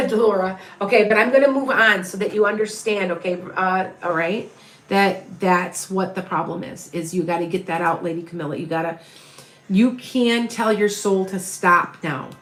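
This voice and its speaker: A medium-pitched woman's voice at normal speed: she's a middle-aged psychic reader on a live stream. Rambling and repetitive, she thinks aloud, reads out viewers' names, and counts under her breath.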